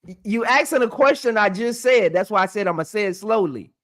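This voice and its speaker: A woman co-hosting a casual sports debate, who argues her case with halting restarts and keeps repeating her point. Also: mid-range voice, animated.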